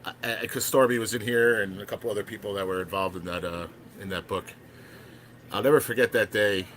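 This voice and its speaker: A man with a lowish voice talks quickly through a memory, rambling and emotional. He speaks casually on a live stream, with faint noise underneath. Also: fairly bright tone. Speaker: chef and former channel moderator.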